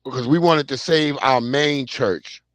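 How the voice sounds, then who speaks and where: A man's voice: medium pitch, measured pace, a bit bright, no room sound. Profane New man, casual and dry. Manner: profane, loose storytelling with frequent restarts. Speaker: podcast co-host. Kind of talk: casual chat.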